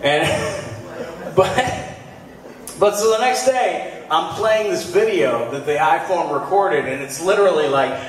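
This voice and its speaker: A man doing a live stand-up set on stage before an audience, animated and breaking into loud outbursts. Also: a little high, measured pace. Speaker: stand-up comedian. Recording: echoey room, mic from far off.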